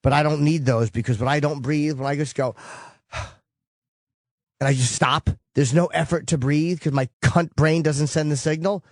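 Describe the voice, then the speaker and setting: A man's voice: a little high, fairly even intonation, unhurried, no room sound, studio quality. A tired, cranky man hosting a call-in show, talking bluntly and cursing a lot as he rants, with a New York accent. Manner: blunt, profane, ranting. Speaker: host.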